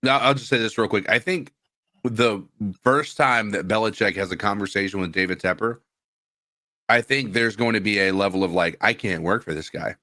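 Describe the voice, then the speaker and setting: Bright-toned man, hesitant co-host. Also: fairly low pitch, normal speed, dry recording, studio quality. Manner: hesitant, restarts often. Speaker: podcast co-host. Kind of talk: casual sports chat.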